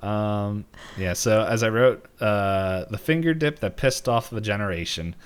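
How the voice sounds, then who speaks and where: A man's voice: lowish voice, measured pace, smooth. A man co-hosting a casual movie reaction podcast, laughing often and acting out lines from the film. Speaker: podcast co-host.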